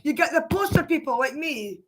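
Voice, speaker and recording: A woman's voice: sits high, animated, fairly quick, noisy background. A woman hosting a livestream, chatting casually with her partner, swearing freely and laughing often. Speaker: livestream host.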